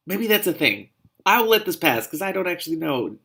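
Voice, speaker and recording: A man's voice: fairly high pitch, very animated, moderate pace, pushed and bright. A man reading a novel aloud and breaking off into exasperated, sarcastic commentary. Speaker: reader and commentator.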